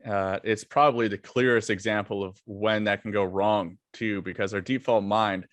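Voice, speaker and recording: A man guest on a podcast, telling his own story in a relaxed, reflective way with plenty of "like" fillers. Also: on the low side, normal speed, no room sound. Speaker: podcast guest, former longboard racer. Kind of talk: casual interview talk.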